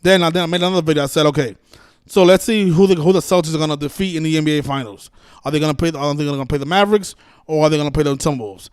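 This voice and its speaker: A man's voice: a little high, rapid-fire, smooth, no room sound, studio quality. A man hosting a livestream, scolding his viewers in an exasperated, profane rant with many restarts and repeated words. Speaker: livestream host. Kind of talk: ranting livestream monologue.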